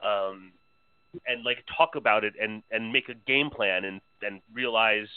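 Measured man, dry and phone-thin. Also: fairly low pitch, clear, resonant tone, dry recording, phone-quality sound. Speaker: podcast co-host. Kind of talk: casual film discussion.

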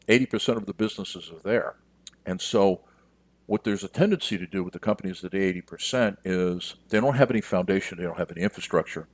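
Low-voiced man coaching plainly. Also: no room sound. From United States. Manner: direct, conversational, addresses listeners as you. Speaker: business coach. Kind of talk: podcast monologue.

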